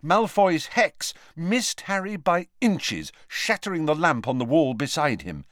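Male audiobook narrator, dramatic storytelling, lively pitch, slow, dry close sound. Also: no room sound. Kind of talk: scripted narration.

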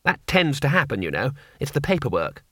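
A man's voice: mid-range voice, very animated, fairly quick, bright, forceful tone, slightly rough, no room sound, studio quality, heavily acted. A man voicing a timid, mild-mannered male tourist who talks in an earnest, apologetic way. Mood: fretful.

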